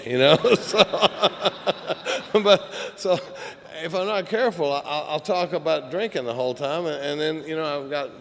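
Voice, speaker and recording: A man's voice: on the high side, unhurried, a bit bright. A middle-aged man giving a candid, joking, profane talk at a recovery meeting, rambling with many fillers. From Texas. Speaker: AA speaker. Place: meeting hall. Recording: echoey hall recording with faint hiss.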